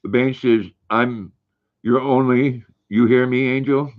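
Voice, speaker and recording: An older man hosting a casual livestream, reading viewers' comments aloud in a relaxed, folksy way. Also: mid-range voice, measured pace. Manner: relaxed, folksy, reads viewer names and messages. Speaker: livestream host. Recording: dull lo-fi stream audio.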